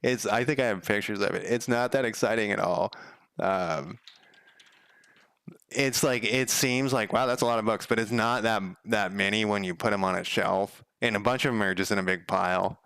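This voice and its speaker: A man talks in a loose, rambling way at home, chuckling often and swearing casually. His voice has a gravelly edge yet stays smooth and resonant. The sound is dry and close, with no room echo. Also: fairly low pitch, fairly even intonation, moderate pace, a bit bright. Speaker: game developer streamer. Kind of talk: casual chat.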